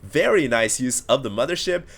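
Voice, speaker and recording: A man commentating a strategy game match live, energetic and building to excitement at the big plays, his voice sore and strained. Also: mid-range voice, fairly quick, creaky. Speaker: esports caster.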